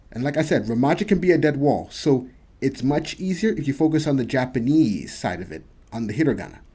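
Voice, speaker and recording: A man hosting a casual video lesson, slowly drawing out words as he demonstrates them. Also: medium pitch, mellow, slightly rough. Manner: slow, drawn-out demonstration of words. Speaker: language teacher and channel host. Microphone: camera mic.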